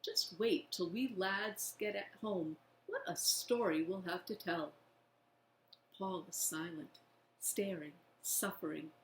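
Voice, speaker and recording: Woman, storybook read-aloud, slow and expressive, medium pitch, echoey room. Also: a little hiss or hum. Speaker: reader. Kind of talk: reading a children's book aloud.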